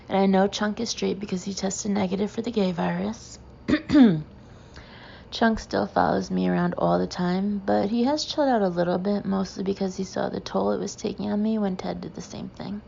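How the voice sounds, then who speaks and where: Gravelly dark-voiced woman reading deadpan. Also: medium pitch, lo-fi sound, slight background noise. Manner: dry, deadpan delivery. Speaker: audiobook narrator. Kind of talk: reading a humorous memoir.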